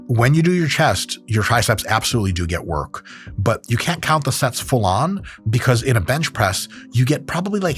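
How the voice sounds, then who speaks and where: A man hosting a fitness commentary, joking and swearing casually as he explains training and does a comic ad read. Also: lowish voice. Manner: animated, profane, joking. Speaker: host, exercise scientist.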